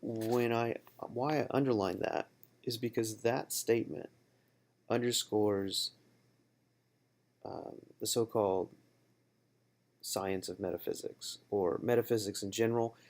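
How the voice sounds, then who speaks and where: Gravelly low-voiced man reflecting aloud. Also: fairly even intonation, measured pace, long pauses, a little mellow. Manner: reflective, conversational, with fillers and restarts. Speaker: book study host. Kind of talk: casual personal storytelling and book discussion.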